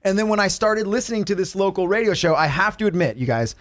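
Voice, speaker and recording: High-voiced animated podcast host. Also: male voice, fast, dry recording. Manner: animated, swearing, mimics radio voices. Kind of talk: casual podcast chat.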